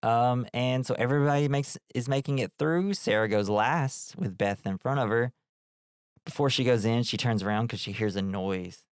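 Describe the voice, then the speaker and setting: Recorded with clean studio sound and no room echo, a man co-hosting a podcast recaps a film in casual conversation. His mid-range voice moves at normal speed with a clean tone, and he tells the story with animation, putting on voices for the quotes.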